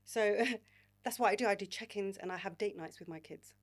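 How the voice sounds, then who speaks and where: A woman's voice: medium pitch, brisk. A woman, a podcast guest who talks candidly, swears freely and calls people babe and mate. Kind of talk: casual podcast interview.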